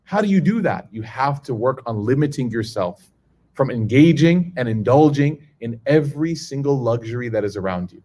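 Expressive and a little mellow, the medium-pitched voice of a religious teacher moves at a moderate pace through a casual lesson for a live audience. He talks conversationally, checks in with "right?" and "okay?", and acts out the people in his stories with a raised voice.

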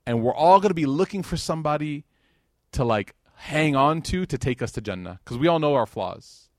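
A man's voice: on the high side, expressive, moderate pace, no echo, clean studio sound. A man giving an informal sermon at a religious gathering, talking conversationally with joking asides and growing emotional over scripture.

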